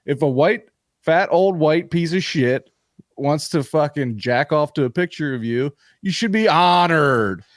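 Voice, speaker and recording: A man hosting a comedy podcast, telling a story in a profane, animated, ranting way. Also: a little high, measured pace, dry recording, studio quality. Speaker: podcast host.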